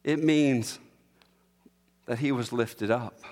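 A man preaching a sermon as pastor, emphatic, slowing down to stress repeated lines. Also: medium pitch, a little mellow, big-room sound. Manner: emphatic preaching with slow, drawn-out repetitions.

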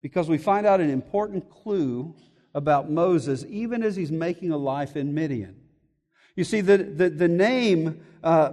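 A man with a high, light voice preaches a verse-by-verse sermon. He talks earnestly and often repeats a word while he gathers his thought. His voice rings out with the long reverb of a large church hall. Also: unhurried, mellow. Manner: earnest, repeats words when thinking aloud. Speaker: pastor. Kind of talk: expository sermon.

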